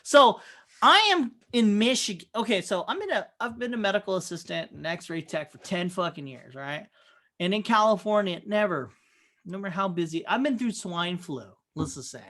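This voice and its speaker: A man in his thirties, a podcast co-host, telling stories in a casual, profane, animated way. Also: sits high, normal speed. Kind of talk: casual chat.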